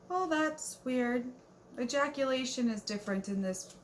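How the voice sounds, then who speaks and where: A woman's voice: fairly high pitch, normal speed, a little hiss or hum. A woman book vlogger recapping a novel in casual chat, blunt and incredulous, swearing freely.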